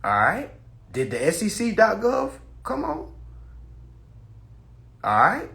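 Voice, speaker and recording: A man hosting a casual livestream on his phone, talking in a preachy, animated way, cursing freely and laughing at his own points. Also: high-pitched, slow pace, vocal fry. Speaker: livestream host.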